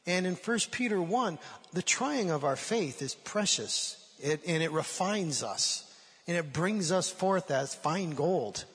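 A man's voice: fairly high pitch, animated, slow, fairly bright tone, breathy edge, in a large hall. A man giving sermon-style Bible teaching, acting out quoted voices with rising emotion.

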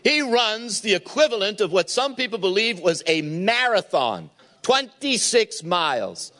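A man's voice: high voice, big pitch swings, a little slow, sharp tone. A man preaching a sermon as pastor, retelling a Bible story and acting out the voices in it.

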